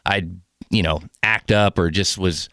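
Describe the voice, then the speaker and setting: A man's voice: low-pitched, unhurried, a bit bright, dry recording, clean studio sound. A man in his forties hosting a podcast, talking candidly and earnestly, swearing casually. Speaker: podcast host. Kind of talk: casual interview chat.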